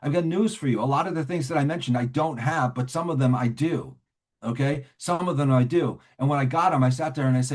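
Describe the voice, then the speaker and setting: A man's voice: medium pitch, brisk, a little mellow. A middle-aged man from New Jersey speaking at a recovery meeting, telling his story conversationally and often checking in with "right?". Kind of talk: personal recovery talk to a meeting.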